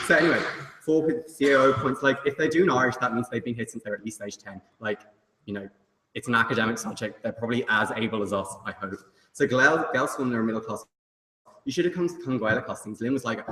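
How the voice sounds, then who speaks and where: A man's voice: medium pitch, fast. Chatty young man in echoey hall. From England. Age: young adult. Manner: chatty, filler-heavy, teasing. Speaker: student debate speaker. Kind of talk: comic debate speech. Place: large debating hall. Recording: echoey hall, far mic, loud noise.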